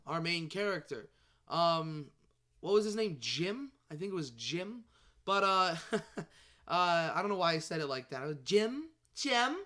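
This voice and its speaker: A man vlogging about movies in casual chat, excitable and rambling, swearing and tripping over his words. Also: a little high.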